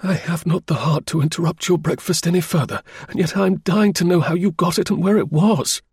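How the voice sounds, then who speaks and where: A man reading aloud gives an anxious young gentleman a noticeably raised, strained voice. His pleading lines keep a husky, gravelly grain. The sound is dry and close. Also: sits high, steady tone, a little fast, no room sound, pitched above the performer's own voice, exaggerated voice. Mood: overjoyed.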